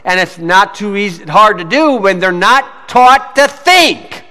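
Bright, high-voiced man preaching in a hall. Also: measured pace. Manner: storytelling, keeps saying "you see"; drops to a low mutter when telling stories. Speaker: preacher teaching on scripture and law. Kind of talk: folksy teaching sermon. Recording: hall with long reverb.

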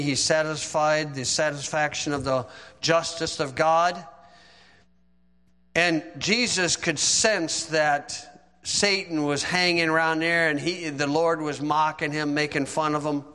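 Male preacher, vivid dramatic storyteller, sharp bright tone, long hall reverb. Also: a little high, fairly even intonation, a little slow, clear, resonant tone. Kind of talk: sermon.

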